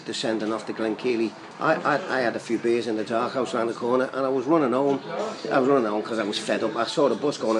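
Older man, chatty and rambling, quick pace, music in background. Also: medium pitch, rough recording. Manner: rambling, chatty, laughing storyteller. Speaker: guest fan. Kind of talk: casual storytelling.

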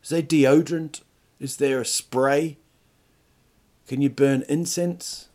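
This middle-aged podcast host delivers a rambling, crude comic monologue full of rhetorical questions and stop-start phrasing. His voice sits at medium pitch, slightly mellow, with fairly even intonation and a slow pace.

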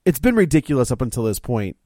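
A man's voice: mid-range voice, sing-song, warm tone, no room sound. Rambling man recapping a movie, dry close mic. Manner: rambling, halting restarts, laughing asides. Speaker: podcast co-host. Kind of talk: casual movie recap chat.

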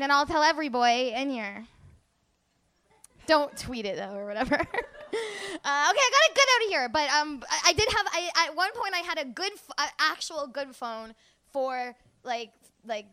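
Woman, stand-up comedian, high voice, live show, rambling, giggly, self-mocking. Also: expressive, moderate pace, pushed and bright.

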